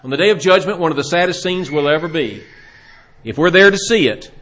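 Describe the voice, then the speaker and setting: A man delivering a sermon in a fairly high voice. He retells scripture stories with drama and briefly acts out the people in them. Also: lively intonation, fairly quick, fairly bright tone. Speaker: preacher.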